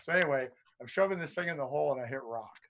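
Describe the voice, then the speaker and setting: A man tells a long story as a guest on a live video stream, acting out voices and sounds along the way. His voice sits a little high for a man. The stream audio is muffled and lo-fi. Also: very fast. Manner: animated storyteller who acts out voices and sounds. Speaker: guest gold prospector.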